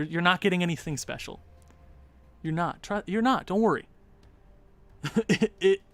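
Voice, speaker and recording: A young man talks through a casual gaming livestream from his home setup. His voice is bright and sits a bit high, and he chats in loose, rambling asides to viewers while faint music plays underneath.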